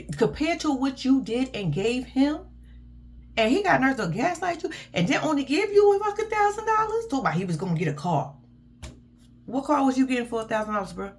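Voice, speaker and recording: A woman's voice: fairly high pitch, slight background noise. A woman, casually ranting through a blunt, profane reaction recap as a show host.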